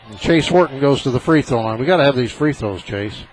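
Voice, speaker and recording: A man calling a high school basketball game on local radio, partisan and excitable, his voice jumping up on big plays. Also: fairly quick, a little hiss or hum, low-quality recording. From southern Illinois. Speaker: play-by-play announcer.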